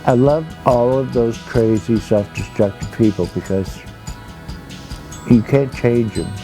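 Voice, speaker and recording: A man's voice: medium pitch, measured pace, dark tone, soft background music. A man in his sixties from Kentucky, telling fond, gossipy stories to a live audience at an exhibition launch and calling people darling. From Kentucky, USA. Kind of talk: anecdotal storytelling talk.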